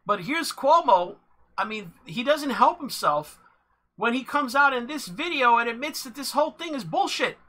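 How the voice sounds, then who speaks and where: A livestream host giving casual live commentary on video clips, halting and full of fillers. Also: high voice, animated, pushed and bright. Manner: halting, with many fillers and restarts.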